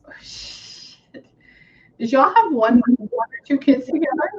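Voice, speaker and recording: A woman's voice: high-pitched, very animated, a little slow, darkish tone, lo-fi sound. A woman working as a psychic medium, chatting casually and saying "hang on" often while she passes on messages. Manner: chatty, repeats "hang on", relays quotes. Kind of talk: casual reading session.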